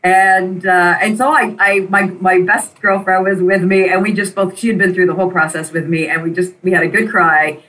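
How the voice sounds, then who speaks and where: A middle-aged woman, an interview guest, telling a personal story in an animated, emotional way and repeating phrases for emphasis. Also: fairly low pitch, moderate pace, few pauses. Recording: voice a bit distant from the mic.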